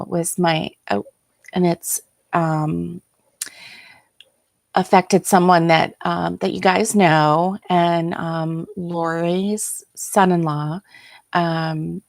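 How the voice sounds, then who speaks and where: An older woman hosting a casual livestream from her chair at home, talking softly and haltingly with many ums, tired and yawning. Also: lowish voice, creaky, no echo, clean studio sound. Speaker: host.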